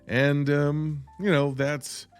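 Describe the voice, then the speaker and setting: A man's voice: on the high side, slow, clear, resonant tone, soft background music. A man hosting a comedic film review, sarcastic and mocking as he retells scenes. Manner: sarcastic, animated, mocking voices for quoted lines. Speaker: podcast host reviewing a film.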